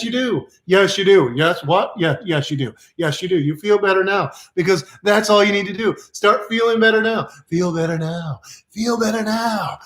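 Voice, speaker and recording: A man giving a casual motivational monologue, rambling and playful, repeating phrases and sometimes dropping to a hush. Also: sits high. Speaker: self-help speaker.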